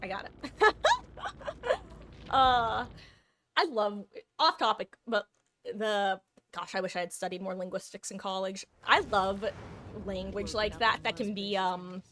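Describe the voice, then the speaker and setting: A woman on a live gaming stream talks to her chat in a loose, rambling way, laughing often and backing up to fix her own words. Her voice sounds bright and a little sharp, pitched in an ordinary middle range. A faint hum of noise sits behind her. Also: normal speed. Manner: rambling, chatty, often laughing and self-correcting.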